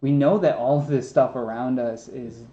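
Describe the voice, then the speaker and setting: A man's voice: medium pitch, fairly even intonation, normal speed. A man in his twenties as a podcast guest, telling rambling stories with lots of fillers, who has trouble with his s sounds. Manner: rambling, filler-heavy storytelling. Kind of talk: casual chat. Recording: roomy, dull lo-fi sound with faint noise.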